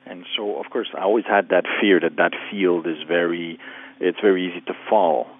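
A man's voice: low-pitched, fairly even intonation. Hesitant male caller on a tinny phone line. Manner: hesitant, halting, many restarts. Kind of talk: phone-in question.

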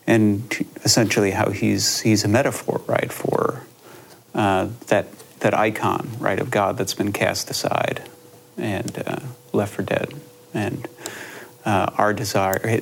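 A man talks about his work in a reflective, halting way, often restarting his sentences. His voice sits low and has a gravelly edge. A faint hiss runs under the recording. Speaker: filmmaker guest. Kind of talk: conversational interview.

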